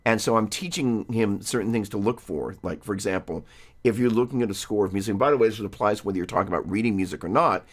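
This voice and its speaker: Rambling low-voiced man teaching guitar. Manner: rambling, self-interrupting, chatty. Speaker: guitar teacher hosting a live stream. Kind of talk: casual live-stream guitar lesson.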